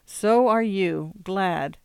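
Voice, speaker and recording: A reader voicing a heartbroken middle-aged man in a storybook, shouting in anger. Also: mid-range voice, very slow, gravelly, clean tone, no echo, clean studio sound. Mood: pleading. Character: middle-aged man, grieving, bursting into rage. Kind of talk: audiobook reading.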